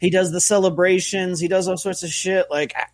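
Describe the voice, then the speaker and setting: A man's voice: high voice, fairly even intonation, a little fast. A man co-hosting a casual sports podcast, sardonic and joking. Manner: sardonic, joking, acts out quotes. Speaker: podcast co-host.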